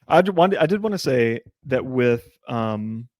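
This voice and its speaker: A man's voice: mid-range voice, animated, unhurried, a little mellow, no echo. Easygoing man guest, dry close sound. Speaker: podcast guest. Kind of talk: casual chat about music.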